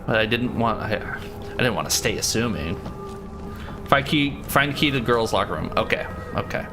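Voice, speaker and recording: A man's voice: on the low side, lively intonation, normal speed, music in the background. A man casually commentating a game stream, chatty, swearing and answering his chat.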